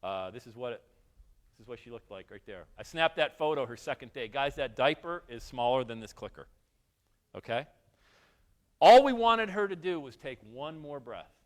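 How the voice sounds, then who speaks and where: A man in his forties from Western New York, speaking in a mid-range voice at a normal pace, gives a motivational keynote in a large event hall. He tells a personal story animatedly, with playful asides to the crowd.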